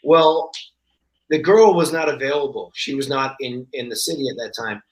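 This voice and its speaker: A male actor, guesting on a podcast, chats casually and tells stories with lots of animation, acting out the voices of the people in them. His voice is mid-range at a normal speed, and the recording has a roomy echo.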